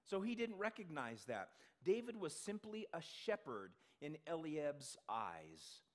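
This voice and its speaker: A pastor whose voice sits on the high side delivers an unhurried, very animated sermon in a church sanctuary. He puts questions to the congregation and performs the voices he quotes.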